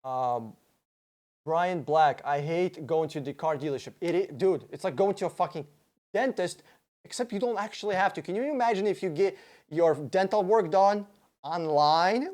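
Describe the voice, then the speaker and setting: Profane excitable man hosting a livestream. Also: high-pitched, normal speed. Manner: profane, excitable, rambling with restarts. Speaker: livestream host answering viewer questions. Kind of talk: casual livestream Q&A.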